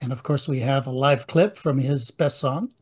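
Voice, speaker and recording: A man's voice: mid-range voice, moderate pace, slightly rough. A man hosting a podcast, chatting casually and joking as he introduces old radio clips. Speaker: podcast host. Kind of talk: casual recap chat.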